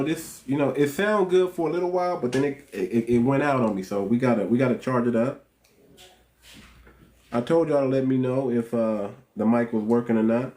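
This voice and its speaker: An American livestream commentator talks politics with an emphatic, dark, medium-pitched voice, addressing chat directly and repeating phrases. The recording is rough, picked up by a small, cheap wireless clip mic.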